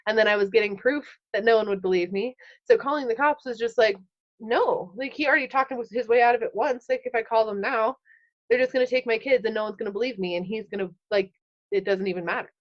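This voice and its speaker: A woman's voice: fairly high pitch, fast talker. A woman in her thirties tells her personal story as a podcast guest, candid and unscripted. She keeps saying "like" and voices her past thoughts as little quoted scenes. The audio sounds a bit dull and lo-fi. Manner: fills speech with "like", acts out her own past thoughts.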